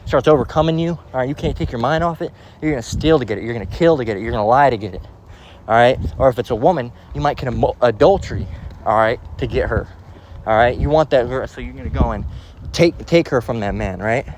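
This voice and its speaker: A man teaching from the Bible in a casual way, out of breath as he walks outdoors and slowing down to read verses aloud. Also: medium pitch, a little mellow, slight background noise, poor audio. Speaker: preacher. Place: outdoors, walking near traffic.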